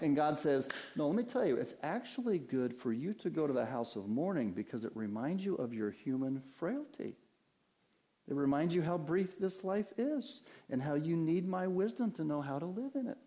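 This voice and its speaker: A pastor preaching a sermon in a conversational way, mixing scripture with homely stories and rhetorical questions. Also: male voice, on the high side, a little mellow.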